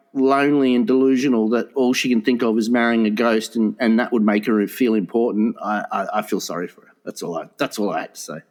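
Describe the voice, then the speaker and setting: A man co-hosting a crude comedy podcast, swearing often and trailing into restarts and laughter. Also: mid-range voice. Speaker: podcast co-host.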